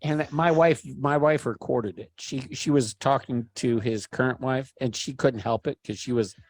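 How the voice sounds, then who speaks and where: A man telling a story in a casual chat, animated, swearing freely and loudly acting out the people he quotes. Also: medium pitch, normal speed, no room sound, studio quality. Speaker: podcast storyteller.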